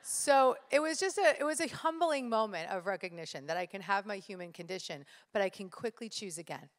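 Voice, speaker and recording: Woman giving a lively talk in a hall. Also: medium pitch, brisk. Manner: lively storytelling, addressing the audience directly. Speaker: speaker at a live event. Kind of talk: motivational live talk. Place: stage in a large hall. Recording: live hall with reverb.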